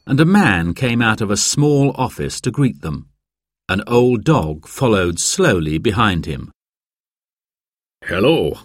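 A man giving a slow, clear, expressive narration of a children's storybook. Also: lowish voice, dry recording, clean studio sound. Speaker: audiobook narrator.

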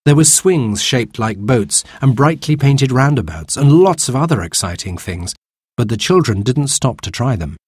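A man reading a children's storybook aloud in an expressive way. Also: medium pitch, normal speed, slightly rough, no room sound, clean studio sound. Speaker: narrator.

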